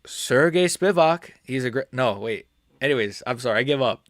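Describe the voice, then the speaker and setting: A man's voice: mid-range voice, expressive, moderate pace, no echo. A male streamer rambles loosely about fights, cracking crude jokes and trailing off mid-thought. His voice sits in a middle range. The sound is dry and close. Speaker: MMA streamer. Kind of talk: casual livestream chat.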